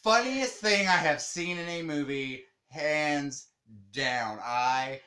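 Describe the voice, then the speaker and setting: A man co-hosting a casual movie chat, theatrical and animated as he tells stories. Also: on the high side, slow. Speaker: co-host. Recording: echoey room.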